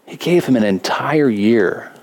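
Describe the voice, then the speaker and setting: A man preaching a sermon as a pastor, talking in a conversational way with self-deprecating jokes and lively asides. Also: medium pitch, unhurried.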